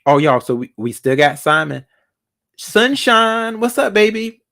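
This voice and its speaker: A man's voice: sits high, big pitch swings, measured pace, creaky, bright, forceful tone. A man hosting a casual live chat with callers, laid-back and rambling, with lots of fillers. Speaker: livestream host.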